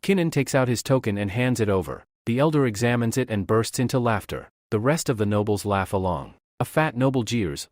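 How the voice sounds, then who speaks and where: A man narrating a comic recap story in a steady, scripted storytelling manner. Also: medium pitch, normal speed, few pauses, dry recording, studio quality.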